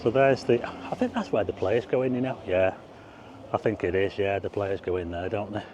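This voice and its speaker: A man's voice: on the low side, normal speed, a little mellow, a little hiss or hum. A middle-aged man giving a chatty, meandering walking-tour commentary on town streets, with asides to the viewer. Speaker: vlogger. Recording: slightly dull outdoor street recording.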